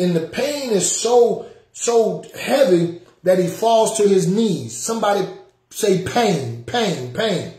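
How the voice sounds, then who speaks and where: A man's voice: sits high, darkish tone, roomy sound. A man preaching a sermon as pastor, repeating his key lines and calling out to the congregation to respond. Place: church sanctuary.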